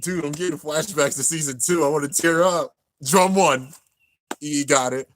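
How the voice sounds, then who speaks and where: Young man, high-ish voice, live reaction commentary, emotional play-by-play. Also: moderate pace, a little hiss or hum. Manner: excited, narrating on-screen action, drops to near-tears murmurs. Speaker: anime reaction host.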